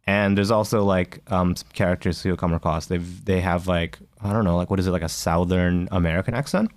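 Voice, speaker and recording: Low-voiced man rambling on a podcast. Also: fairly even intonation, fairly quick, dry recording. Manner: rambling, many fillers and restarts. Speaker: podcast co-host. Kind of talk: casual chat.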